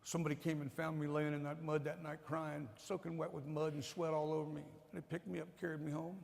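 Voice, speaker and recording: Gravelly man telling a testimony in a church hall. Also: on the high side, flat delivery, a little fast. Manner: emotional storytelling, swings from loud to hushed. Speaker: guest speaker at a church. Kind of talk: sermon testimony. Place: church sanctuary. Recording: long reverb of a large hall.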